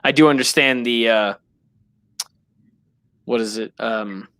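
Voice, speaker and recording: A man's voice: medium pitch, slow, clean tone, no echo. A dry-sounding man hosting a casual chat. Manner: animated, laughs easily, swears in retold quotes. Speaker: show host.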